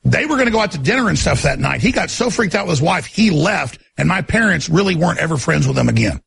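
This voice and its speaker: A man telling a story on a podcast in a casual, animated way, acting out the people in it. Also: on the high side, fast talker, dry recording. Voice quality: gravelly, raspy. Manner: animated, acts out voices in his story.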